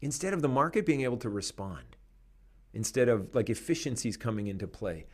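A man in casual conversation, talking in an animated, opinionated way and laughing often. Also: mid-range voice, fairly quick.

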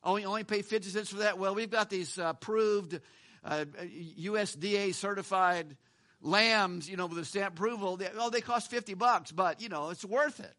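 Man putting on a greedy lamb seller, bright high voice, salesy patter with fillers. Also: moderate pace. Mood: wheedling. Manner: salesy, hesitant pitch with fillers. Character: greedy male temple lamb seller, smooth-talking.

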